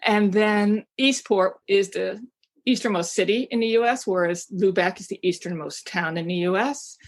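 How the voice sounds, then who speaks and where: A woman's voice: medium pitch, normal speed. A woman from Maine, a travel guidebook writer, chatting enthusiastically as an interview guest, with frequent fillers and restarts. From Maine, USA. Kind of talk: casual interview chat.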